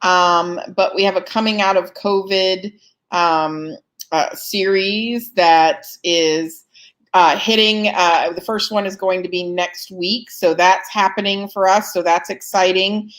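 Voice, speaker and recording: A woman's voice: mid-range voice, steady tone, slow pace, a bit bright. A woman hosting a live fundraising Q&A, chatting casually with many ums and self-deprecating asides, yawning and a bit short of breath. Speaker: host answering fundraising questions. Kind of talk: live Q&A chat.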